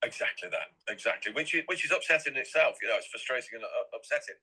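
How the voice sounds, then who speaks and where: A man's voice: medium pitch, animated, fast talker, sharp tone, husky, rough recording. A middle-aged man from England, rambling and repeating himself as an interview guest. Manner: rambling and repetitive.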